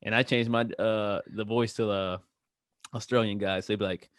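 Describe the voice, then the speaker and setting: A man's voice: lowish voice, fairly even intonation, moderate pace, no echo, studio quality. A middle-aged man co-hosting a podcast in casual chat, joking around, laughing often and acting out silly voices. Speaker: podcast co-host.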